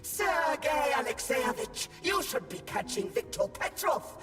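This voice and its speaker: A woman's voice: sits high, sing-song, a little slow, fairly bright tone, full character voice. A woman voicing a grandiose, deranged female AI oracle in a game, speaking in a theatrical, boastful, sing-song way. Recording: echoey, distant, music behind.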